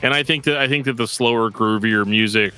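A man's voice: fairly low pitch, a little fast, pushed and bright, smooth, faint music behind. A man hosting a podcast, talking casually about metal records in a rambling way with lots of fillers. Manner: laid-back, rambling with frequent fillers and laughs. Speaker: podcast host.

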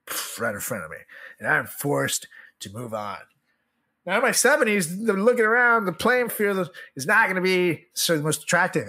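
A man's voice: a little high, sharp tone. A man co-hosting a podcast, chatting casually, teasing and laughing often. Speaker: podcast co-host. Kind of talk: casual banter.

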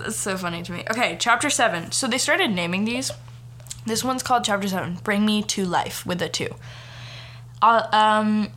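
A woman's voice: mid-range voice, fairly bright tone, slight background noise. Teasing woman podcast host on a close mic. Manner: teasing and sarcastic, mocks the text while reading. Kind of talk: casual chat and reading fan fiction aloud. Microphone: own microphone, close.

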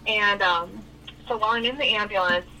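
A chatty woman caller retelling events over the phone, slipping back and forth between her own words and the other people's lines. Her voice is bright and sharp. The phone line sounds distant, with a faint hiss behind her. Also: medium pitch, a little fast. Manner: chatty, retells dialogue with "I was like". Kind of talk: casual storytelling. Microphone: telephone.

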